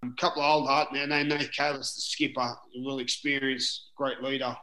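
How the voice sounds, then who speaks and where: A middle-aged Australian man who once played rugby league tells rambling stories in a casual interview, peppered with "you know" and the occasional swear. His mid-range voice is flat and sharp-toned at a normal speed, recorded in a roomy, echoing space.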